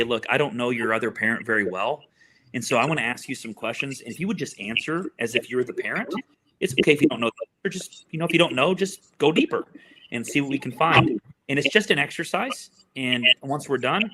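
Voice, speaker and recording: A man's voice: medium pitch, bright, forceful tone. A middle-aged man, a family therapist, telling an earnest story in an interview and often repeating words while he searches for them.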